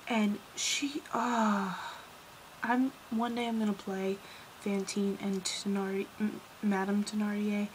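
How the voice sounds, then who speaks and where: A teenage girl giving a casual, gushing film review vlog, rambling, dropping into whispers and then bursting out louder. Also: mid-range voice, a little hiss or hum, low-quality recording. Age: teens. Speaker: vlogger.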